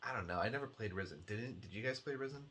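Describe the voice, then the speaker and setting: A man's voice: lowish voice, animated, racing, fairly bright tone, breathy edge. A man hosting a weekly video game release show, chatting casually in a sardonic way, swearing freely and laughing often. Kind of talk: casual rambling commentary.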